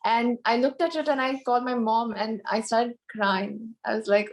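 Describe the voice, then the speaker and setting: A young woman in her twenties from India, a pageant contestant answering interview questions earnestly and emotionally, pausing with fillers, over a video call. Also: a little high, fairly even intonation. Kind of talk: candid interview chat.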